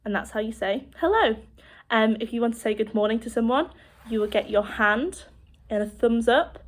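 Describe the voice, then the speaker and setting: A woman with a British accent teaching children sign language, speaking slowly and clearly as she demonstrates each word. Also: fairly high pitch. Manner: slow, clear demonstrating speech.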